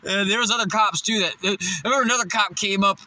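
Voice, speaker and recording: A young man casually telling a personal story, swearing constantly and getting loud and emphatic as he goes. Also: high voice, fast. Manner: swears constantly, animated, gets loud and emphatic when recounting confrontations.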